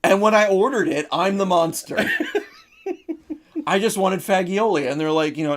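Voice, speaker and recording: A man's voice: high-pitched, huge pitch swings, measured pace, pauses often. A man with a New Jersey accent co-hosting a comedy podcast, telling stories in a ranting, mock-outraged way. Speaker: podcast co-host. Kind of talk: comedic casual chat.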